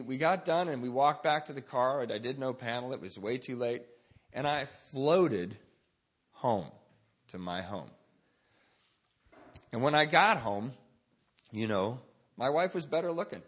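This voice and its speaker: Man giving earnest testimony at a recovery meeting, reflective and searching. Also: mid-range voice. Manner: reflective, questioning himself. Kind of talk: personal testimony.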